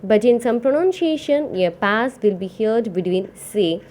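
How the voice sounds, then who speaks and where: A woman reading a lecture text aloud in a steady, measured way, with some misreadings. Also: a little high. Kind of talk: read-aloud lecture on English phonetics.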